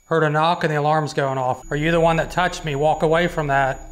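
Guy ghost hunting solo in a dark old building, kinda high voice, hushed and jumpy. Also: steady tone, a little fast, poor audio. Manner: hushed, jumpy, talks to spirits. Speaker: paranormal investigator. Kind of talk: solo ghost-hunt narration to camera. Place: dark abandoned building, alone at night.

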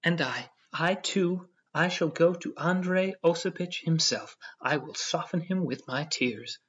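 A man voicing an excitable, tearful young wife who pleads and frets. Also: fairly high pitch, moderate pace, pitched above the performer's own voice, natural voice. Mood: anxious pleading. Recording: dull lo-fi audio.

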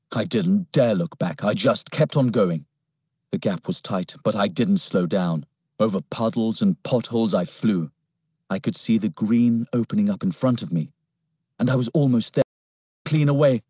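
A man narrating an adventure audiobook in first person with a steady storytelling manner. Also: on the low side, husky, no echo. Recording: dull lo-fi, dry recording.

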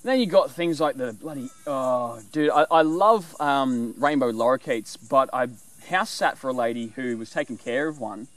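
A man explaining animal calls in a loose, rambling way, breaking now and then into bird imitations. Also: medium pitch. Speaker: presenter teaching animal call mimicry. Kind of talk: casual explanatory talk.

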